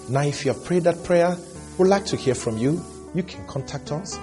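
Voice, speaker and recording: A man leading a scripted broadcast altar call, steady and earnest. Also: a little high, moderate pace, soft background music. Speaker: minister leading a closing prayer.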